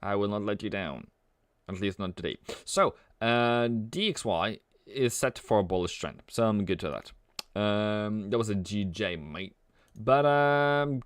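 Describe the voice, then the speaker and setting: A man's voice: fairly low pitch, expressive, a little slow, clear, resonant tone, no room sound. Young man, live-stream trader, loose jokey delivery, clean resonant tone, dry close mic. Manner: playful, rambling, sings and jokes between chart calls. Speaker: forex trading streamer. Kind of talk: casual live-stream commentary.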